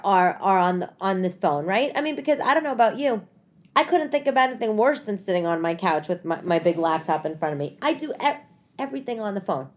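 A woman comedian hosts a casual podcast from her living room, her voice sitting at an ordinary middle pitch. She rambles through stories with many restarts, frequent swearing and lively asides, all in a loose conversational monologue.

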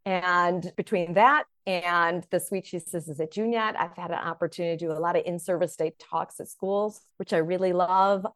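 A woman author and teacher from the Chicago area, a guest on a podcast, telling her story in an animated, enthusiastic way. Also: lowish voice, normal speed, hardly any pauses, dry recording, clean studio sound. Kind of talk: conversational interview.

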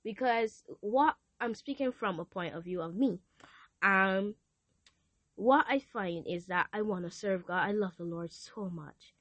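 A woman's voice: medium pitch, unhurried, no room sound. Earnest teenage girl podcaster. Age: teens. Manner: earnest, confessional, animated quoting. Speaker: podcast host. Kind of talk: casual faith talk.

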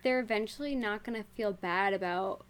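A woman's voice: medium pitch, moderate pace, clear, resonant tone. A woman co-hosting a casual book chat, reasoning things through and quoting passages. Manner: thoughtful, laughs easily, reads quotes aloud. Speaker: co-host of a book discussion.

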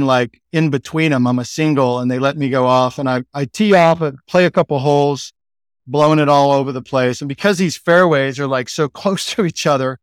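A middle-aged Texan man, a sales executive appearing as a podcast guest, tells a story in a chatty, laid-back way, sprinkling in "like" and "you know" constantly. His voice sits a little high, clear and resonant. The studio recording is clean with no echo.

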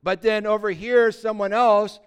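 High, smooth-voiced preaching man. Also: steady tone, a little slow. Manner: conversational preaching, rising to loud emphatic shouts; acts out quoted voices of believers. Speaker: pastor. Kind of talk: sermon.

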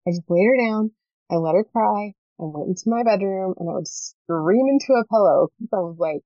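A woman's voice: mid-range voice, lively intonation, a little fast, dry recording. A woman in her thirties, a parenting coach chatting as a guest, earnest and talkative with lots of fillers. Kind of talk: casual interview chat. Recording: dry, slightly dull lo-fi sound.

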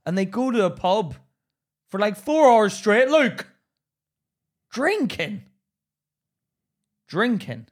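A man's voice: sits high, very animated, slow, pauses often. A man co-hosting a casual podcast chat, teasing his friend and mimicking voices in his stories. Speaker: podcast co-host.

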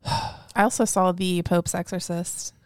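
A woman's voice: lowish voice, fairly even intonation, unhurried, a little mellow, no echo, studio quality. A woman co-hosting a podcast in casual chat, mostly agreeing and hedging with fillers. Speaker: podcast co-host. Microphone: studio podcast mic.

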